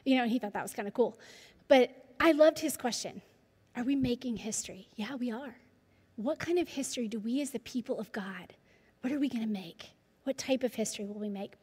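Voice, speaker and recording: Woman, middle-aged, devotional speaker, lively storytelling, hushed emphasis, slightly high voice, reverberant hall. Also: fairly quick, breathy edge. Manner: lively storytelling, drops to near-whispers for emphasis. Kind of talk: devotional talk.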